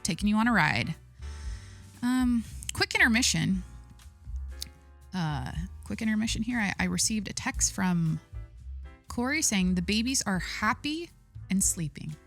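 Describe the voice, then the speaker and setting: A woman hosting her own podcast in a casual solo chat, talking forcefully from the chest and rambling with lots of fillers. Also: mid-range voice, animated, measured pace, gravelly, pauses often, faint music behind. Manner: forceful, talks with full chest; chatty, rambling with many fillers. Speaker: podcast host.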